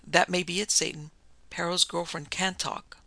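A weary police commissioner, solemn and tired, as a man reads him aloud in a story. The voice is bright and a little gravelly, set dry and close. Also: high-pitched, flat delivery, moderate pace, dry recording, full character voice.

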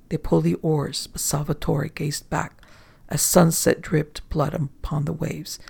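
A man narrating a horror story dramatically, dropping into hushed whispers for suspense. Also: fairly high pitch, level tone, measured pace, creaky, breathy edge.

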